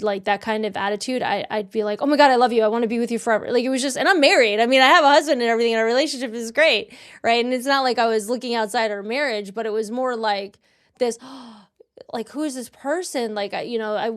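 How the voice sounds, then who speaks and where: A woman in her forties, a podcast host and dental coach, has a casual, reflective conversation, talking in an open, searching way full of "like" and "you know." Her voice is medium-pitched and clean.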